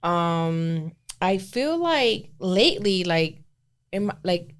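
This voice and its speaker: A woman in her thirties talks casually as a podcast co-host. Her stories come out animated and laughing, with a mid-range voice. Her pitch leaps high when she gets worked up. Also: slow pace. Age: 30s. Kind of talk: casual chat.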